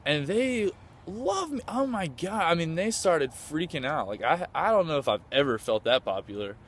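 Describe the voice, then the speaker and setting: A man's voice: fairly high pitch, big pitch swings, normal speed, a bit bright. American guy gushing about his trip, rambly with lots of likes and you knows, faint traffic behind him outside. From United States. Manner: enthusiastic, rambling, with many fillers and restarts. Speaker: traveler recounting a trip. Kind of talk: casual storytelling.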